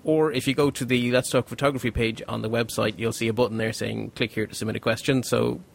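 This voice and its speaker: A man hosting a casual photography panel podcast, talking in a relaxed, rambling way with plenty of filler words. His voice sits at an ordinary middle pitch, neither high nor low. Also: fast, creaky. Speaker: podcast host.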